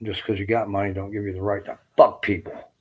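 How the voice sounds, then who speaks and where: A man's voice: fairly low pitch, flat delivery, a little fast, breathy edge, rough recording. A man in his late fifties, an army veteran, ranting on in a rambling, aggrieved and heavily profane way. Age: 50s. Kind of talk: rambling personal rant.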